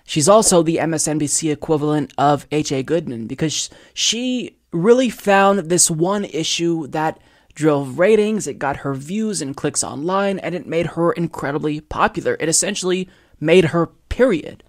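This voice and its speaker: A man delivers a political opinion monologue in a fairly high voice. He leans hard on his points and speaks directly to his audience. His voice sounds close and dry, with no room around it. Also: moderate pace, dry recording. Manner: emphatic and persuasive, addresses viewers directly. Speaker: political commentary host.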